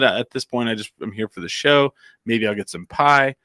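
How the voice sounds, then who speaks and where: A man's voice: mid-range voice, fast talker, sharp tone, no echo, studio quality. A man from Albuquerque telling a casual anecdote on a comedy podcast, rambling with plenty of "like" and restarts. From Albuquerque, New Mexico.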